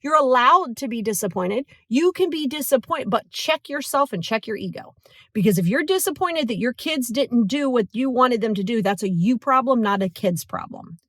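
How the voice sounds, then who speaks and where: A woman hosting a motivational podcast in a casual, animated way. She talks with lots of "like" and keeps checking in with "right?". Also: a little high, normal speed, no echo, studio quality. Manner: animated, acts out quoted voices. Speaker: podcast host.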